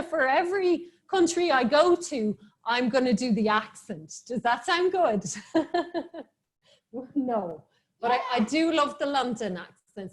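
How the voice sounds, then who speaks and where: A woman's voice: high voice, expressive, unhurried. A woman teaching a live online yoga class for children, giving playful, encouraging cues and laughing often over a video call.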